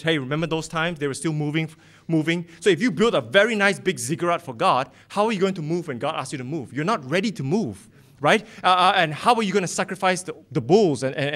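A man with a notably high voice delivers a sermon as a pastor. He preaches with impassioned fervor and drives his points home with strings of rhetorical questions. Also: fairly bright tone.

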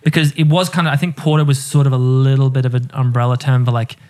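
A man's voice: mid-range voice, little pitch movement, fast, darkish tone. A man co-hosting a casual podcast, explaining history at length, often laughing and swearing. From Ireland. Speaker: podcast co-host.

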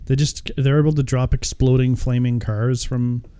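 A man's voice: medium pitch, flat delivery, normal speed, mellow, clear, resonant tone. A man chatting casually about a movie, rambling and swearing, often laughing as he talks.

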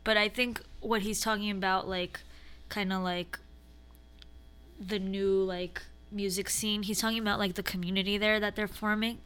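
A woman's voice: mid-range voice, little pitch movement, normal speed, fairly bright tone, smooth. A woman with a congested voice, a musician guest in casual interview chat who fills her speech with "like". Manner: chatty, lots of "like".

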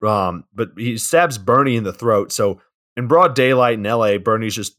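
A man with a fairly low voice talks through a movie's plot in a relaxed podcast chat. He keeps it loose and profane, tossing in casual asides as he goes. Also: moderate pace. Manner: laid-back plot recap, swears often. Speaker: podcast co-host.

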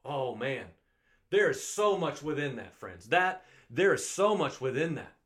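A man's voice: medium pitch, sing-song, unhurried, a bit bright. A man preaching an earnest online sermon, pleading with his listeners and often repeating his phrases. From United States.

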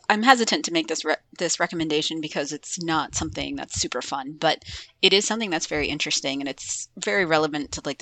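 A woman co-hosting a casual chat, a parent telling stories with animated energy and frequent restarts. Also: low-pitched, gravelly. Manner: animated storyteller, hesitant restarts. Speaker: podcast co-host, parent.

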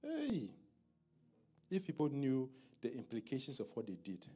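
A man preaching a sermon at a church service in a conversational style, asking the congregation questions and clearing his throat. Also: medium pitch, wildly swooping pitch, normal speed, warm tone. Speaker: pastor.

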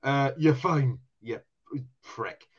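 A man's voice: mid-range voice, extremely slow, husky. Male comedian co-host, sweary mock-indignant banter over a slightly muffled video call. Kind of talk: casual podcast banter.

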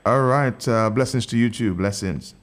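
A male radio talk show host taking calls, giving brief, calm acknowledgements. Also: medium pitch, moderate pace. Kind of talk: call-in radio hosting.

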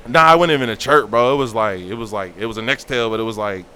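A man's voice: on the low side, quick pace. Young man, casual storyteller who acts out the voices, slight background hiss. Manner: animated, acts out quoted voices. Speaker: guest telling a story.

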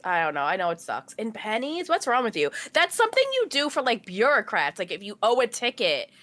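Woman, higher-pitched co-host, bright and animated, slangy. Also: brisk. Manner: expressive, swears freely, slangy. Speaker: podcast co-host. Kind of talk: casual chat.

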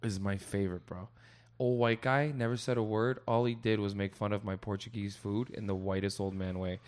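A young man in casual chat, telling rowdy stories and swearing a lot, acting out loud quoted voices. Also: lowish voice, fairly even intonation, brisk.

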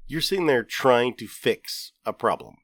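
A man's voice: medium pitch, sing-song, a little slow, fairly bright tone, no room sound, studio quality. A man co-hosting a podcast in casual chat, rambling and self-deprecating, often restarting his sentences. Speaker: podcast co-host.

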